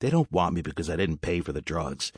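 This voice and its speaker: A man's voice: low-pitched, very animated, fairly quick, a little mellow, husky, no echo, studio quality, exaggerated voice. A man playing a cocky, smirking smuggler. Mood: mocking. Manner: mocking, smirking. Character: cocky, reckless male smuggler.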